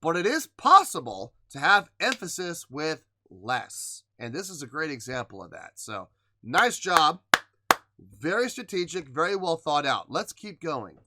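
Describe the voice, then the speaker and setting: A man's voice: on the high side, big pitch swings, a little slow, background noise. A man hosting a music reaction show, talking casually and emphatically as he breaks down what he just heard, at times playfully defiant. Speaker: music reaction channel host.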